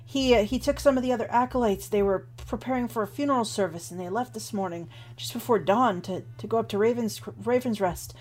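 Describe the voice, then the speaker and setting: A man's voice: high voice, fairly quick, hardly any pauses. A woman voicing a frightened young male temple acolyte who stammers in a shaky voice. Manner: stammering, panicked rush of words.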